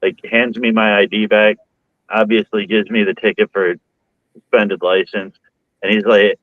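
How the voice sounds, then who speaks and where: A young man telling stories in casual chat, profane and animated, acting out what people said. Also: on the low side, normal speed, no room sound, phone-quality sound.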